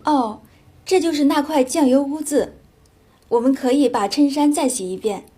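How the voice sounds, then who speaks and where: A woman's voice: high-pitched, normal speed, mellow, close to an everyday voice. A woman playing a courteous hotel manager. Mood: polite. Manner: courteous and apologetic. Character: polite female hotel manager. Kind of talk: scripted dialogue for language learners.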